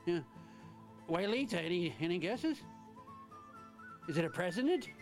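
A man hosting a casual radio segment, rambling and halting, often chuckling. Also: high voice, expressive, faint music behind. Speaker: radio host.

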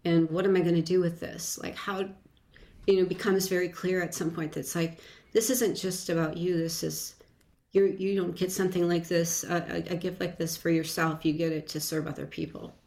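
A woman guest telling a personal story in a casual interview, halting and reflective, with frequent restarts and fillers. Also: on the low side, little pitch movement, darkish tone.

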